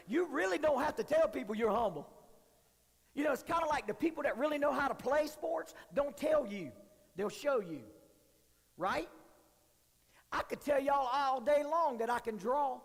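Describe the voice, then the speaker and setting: Man, youth pastor, very high pitch, long hall reverb, candid joking sermon. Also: vocal fry. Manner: joking, confessional preaching. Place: church hall.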